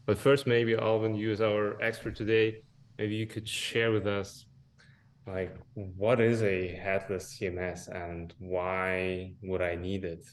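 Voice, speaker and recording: Deep, flat-voiced podcast host man. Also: measured pace. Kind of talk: interview question.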